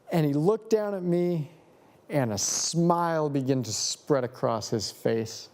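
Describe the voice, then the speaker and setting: A male pastor telling a story in a sermon, with dramatic pauses and a storytelling manner. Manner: slow, dramatic pauses, lively pitch.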